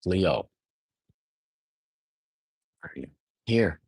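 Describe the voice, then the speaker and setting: Solo male host, very deep and unhurried, dry close sound, thinks aloud and rephrases often. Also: expressive, darkish tone, husky, dry recording. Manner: musing, often rephrasing and trailing off mid-thought; asks the listener reflective questions. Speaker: astrologer. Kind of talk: unscripted solo monologue.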